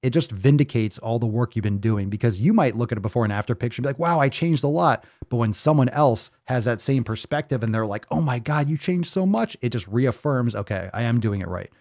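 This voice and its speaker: A man's voice: medium pitch, animated, fairly quick, hardly any pauses, a little mellow, no room sound, clean studio sound. Blunt, profane man hosting a fitness stream. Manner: blunt, profane, emphatic, repeats points for effect. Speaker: fitness podcast host. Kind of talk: live-stream commentary reading viewer posts.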